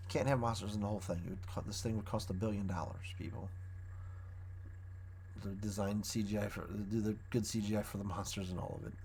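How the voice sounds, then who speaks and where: A man's voice: medium pitch, vocal fry, darkish tone, a little hiss or hum. Guy doing a loose show review, keeps restarting sentences, mid-range voice. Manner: rambling, self-correcting plot recap. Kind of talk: casual spoken review.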